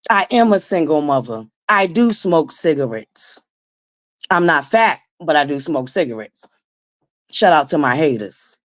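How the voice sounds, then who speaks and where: Blunt raspy woman in her forties. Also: low voice, very animated, measured pace. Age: 40s. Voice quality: naturally raspy voice. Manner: blunt, profane, emphatic, addresses viewers directly. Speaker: livestream commentary host. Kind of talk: casual live-stream commentary.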